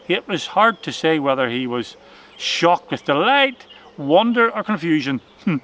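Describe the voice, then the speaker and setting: Male children's-story narrator, expressive and dramatic, bright tone. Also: on the high side, unhurried.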